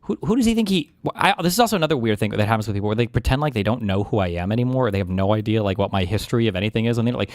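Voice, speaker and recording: A man's voice: on the low side, lively intonation, very fast, few pauses, a little mellow, no echo, clean studio sound. A man reacting to a debate clip in casual commentary, talking in an exasperated, incredulous way.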